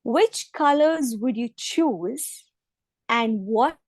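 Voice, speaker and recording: A woman hosting a speaking club meeting, slow and deliberate, repeating each prompt. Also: a little high, lively intonation, darkish tone, no echo. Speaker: table topics master.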